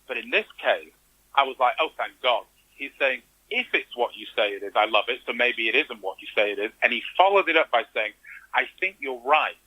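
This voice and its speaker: A man speaks as an interview guest, recounting events in an animated way and acting out the remarks he quotes. His voice has a bright, forward edge with a husky grain. He sits at a middling pitch. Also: brisk, low-quality recording. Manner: animated storytelling, acts out quoted reactions. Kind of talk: conversational interview.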